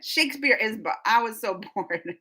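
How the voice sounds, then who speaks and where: High-voiced Southern woman chatting live. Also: expressive, moderate pace, sharp tone. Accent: Southern US, New Orleans. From New Orleans, US South. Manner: chatty, laughs often, trails off and restarts. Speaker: YouTube reaction host reading live chat. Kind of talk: casual live-stream chat.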